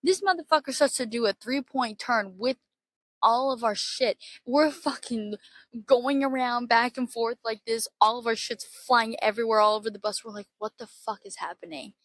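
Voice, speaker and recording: A young woman from Florida telling a travel story in a casual, animated, heavily profane way. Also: a little high, moderate pace, no room sound. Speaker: podcast host.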